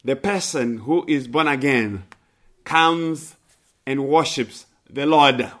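A man's voice: medium pitch, takes it slowly, a bit bright. A man preaching a sermon and reading scripture, repeating phrases with emphasis and rising when he voices pleas.

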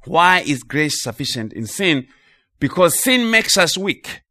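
A man preaching a sermon with emphasis, repeating key phrases and slowing on important words. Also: on the high side, very animated, pushed and bright, dry recording.

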